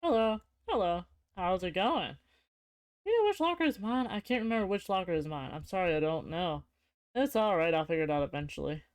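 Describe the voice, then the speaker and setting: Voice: medium pitch, no room sound, studio quality. A streamer playing a game, reading its text aloud with chatty asides as casual commentary.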